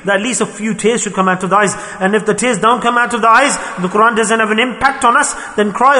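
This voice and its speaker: A male preacher pleads passionately in an English sermon laced with Arabic and Urdu religious terms. His high voice rings bright and forceful, fast and with hardly any pauses, and a long hall reverb trails after each phrase.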